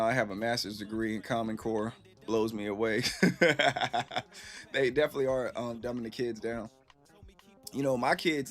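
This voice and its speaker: Laid-back man talking on a live stream. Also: medium pitch. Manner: laid-back and reflective, heavy with "you know what I'm saying"; reads and answers chat. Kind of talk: casual live-stream chat. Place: at home.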